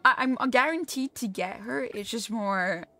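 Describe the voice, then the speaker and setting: A young woman chats through a live game stream, swearing freely and joking at her own expense. Her voice sits a touch high and sounds bright and sharp, and she takes her time. Faint game music plays behind her. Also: unhurried. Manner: swears freely, chatty and self-mocking. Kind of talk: casual live-stream gaming chat.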